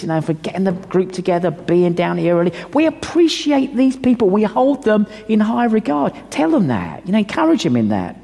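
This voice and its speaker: Animated preaching man in reverb. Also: sits high. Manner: emphatic, animated preaching with asides to the congregation. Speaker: pastor. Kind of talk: sermon. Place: church hall.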